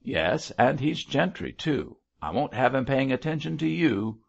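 A man voicing a gruff, quick-tempered, husky middle-aged innkeeper in a storybook reading. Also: mid-range voice, very animated, muffled recording, pitched above the performer's own voice, heavily acted. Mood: angry.

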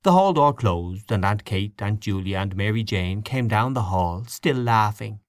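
A man reading a literary short story aloud as an audiobook narrator, in a measured, expressive way. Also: on the low side, no echo, studio quality.

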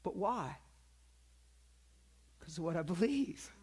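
A middle-aged man preaching a sermon as a pastor, impassioned, swinging from loud exclamations down to near whispers. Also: sits high, big pitch swings, slow pace, breathy edge.

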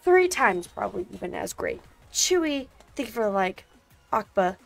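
A young woman streaming a game, reacting loudly, complaining about the levels and thanking viewers in chat. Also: mid-range voice, very animated, moderate pace, creaky. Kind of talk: casual live-stream gameplay chat. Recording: faint game music behind.

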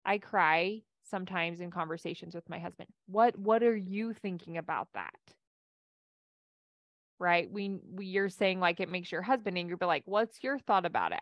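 A woman's voice: on the low side, expressive, moderate pace, no room sound, lo-fi sound. A woman life coach giving a casual coaching talk and answering audience questions, with a chatty delivery full of restarts.

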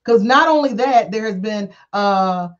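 A woman hosting a talk show, telling a story casually with animated, acted-out dialogue and frequent laughter. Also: measured pace. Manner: animated, acts out quoted dialogue with big pitch jumps; laughs often while talking. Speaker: attorney and show host. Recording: dull lo-fi sound.

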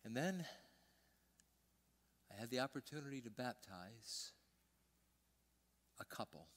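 An older man preaching a sermon as pastor, telling a personal story and swinging between loud emphasis and hushed, almost whispered lines. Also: mid-range voice, animated, takes it slowly. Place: church sanctuary.

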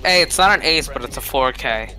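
A man's voice: medium pitch, brisk, poor audio. A young man chatting casually with friends over a team shooter game, joking, swearing and getting worked up. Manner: jokey, excitable, swears. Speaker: gamer and channel host. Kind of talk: casual gaming banter with friends.

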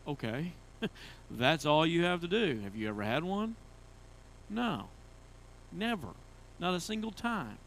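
A man's voice: medium pitch, vocal fry, a little hiss or hum. A man preaching a sermon as pastor, conversational, with restarts and emphatic rising runs. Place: church sanctuary.

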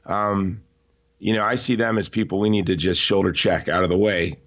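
A man being interviewed, telling stories in an animated, emphatic way with frequent restarts. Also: deep voice, moderate pace, highs cut off. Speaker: interview guest. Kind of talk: conversational podcast interview.

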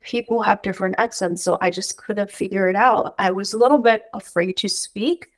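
A woman's voice: medium pitch, moderate pace, low-quality recording. Woman guest, casual and giggly, lots of fillers, mid-range voice. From United States. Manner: laughing often, many "like" fillers, quoting others in asides. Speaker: guest, dog groomer. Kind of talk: casual interview chat.

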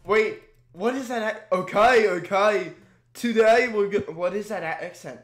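A young adult host giving casual, animated commentary on old videos. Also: medium pitch, unhurried. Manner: animated, laughing, exclaiming. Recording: echoey room.

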